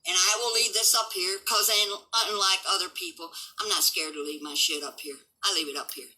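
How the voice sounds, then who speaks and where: A woman's voice: lowish voice, steady tone, moderate pace, sharp tone, rough recording. A woman in her seventies, hosting her livestream from home with a blunt, combative, swearing rant. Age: 70s. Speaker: livestream host.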